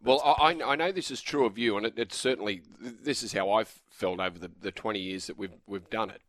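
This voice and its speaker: Australian man, radio commentator, low voice, halting starts, dry studio mic. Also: fairly bright tone, dry recording. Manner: hesitant, repeats words when starting. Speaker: sports radio co-host and caller. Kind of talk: casual radio banter. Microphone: studio microphone.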